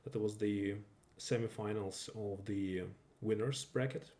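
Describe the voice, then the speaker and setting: A man whose first language is not English commentating a live stream match, halting and correcting himself as he goes. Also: lowish voice, steady tone, warm tone. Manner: halting, self-correcting, with fillers.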